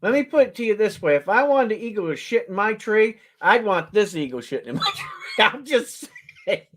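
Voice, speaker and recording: A man hosting a casual live coin auction, joking and laughing as he praises a coin and calls out bids. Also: high voice. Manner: folksy, joking, laughs often; slow, drawn-out calls with animated countdowns.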